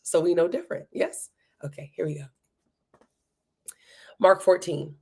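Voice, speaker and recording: A woman hosting a Bible reading challenge, reading Scripture aloud and breaking off for casual, chatty commentary. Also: fairly low pitch. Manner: breaks off to chat and laugh at herself.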